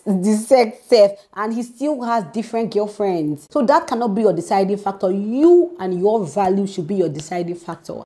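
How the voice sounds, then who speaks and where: Woman, Nigerian accent, young adult, mellow dark tone, emphatic sisterly advice, reaction commentary. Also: mid-range voice. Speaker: host.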